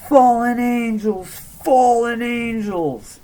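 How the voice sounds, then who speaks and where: A man putting on the voice of a frightened young stranger who yells frantically. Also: high-pitched, big pitch swings, slow pace, pitched above the performer's own voice, exaggerated voice. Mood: frantic. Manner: frantic, yelling.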